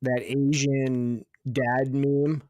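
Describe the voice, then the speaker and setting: A man's voice: mid-range voice, little pitch movement, very slow, crowd noise. A man co-hosting a casual sports podcast, jokey and laughing often, with some swearing. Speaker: podcast co-host.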